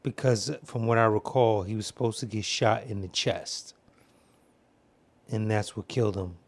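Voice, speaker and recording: A man's voice: on the low side, moderate pace. A man giving casual film commentary, telling rambling, profane stories.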